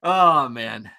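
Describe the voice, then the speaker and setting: A man hosting a livestream, ranting profanely and excitably while reading chat donations aloud. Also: on the high side, creaky. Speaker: livestream host. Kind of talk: casual livestream rant.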